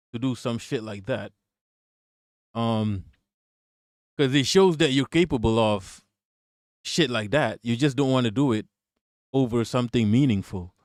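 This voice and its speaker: A man's voice: mid-range voice, dry recording, studio quality. A man hosting a live stream, reacting to news and talking back to chat in a blunt, profane, joking way, often repeating himself. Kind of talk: casual live-stream commentary.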